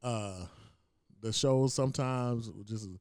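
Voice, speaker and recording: A man who is a comedian and teacher, chatting as a podcast guest in an expressive, reflective way. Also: mid-range voice, takes it slowly, clear, resonant tone, no echo, clean studio sound. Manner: expressive, reflective, lots of "like" and restarts. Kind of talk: casual interview chat.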